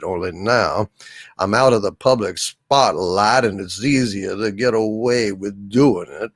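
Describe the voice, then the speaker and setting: A man doing an impression of a disgraced politician, talking in a slow, low, conspiratorial drawl. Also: vocal fry, breathy edge, no room sound, studio quality, heavily acted. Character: smug scheming disgraced male politician.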